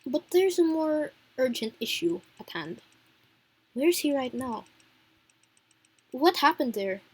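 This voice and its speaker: A woman voicing a sorrowful, devoted young nobleman in a story game, speaking softly and slowly. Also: high voice, very animated, slightly rough, full character voice. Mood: grave.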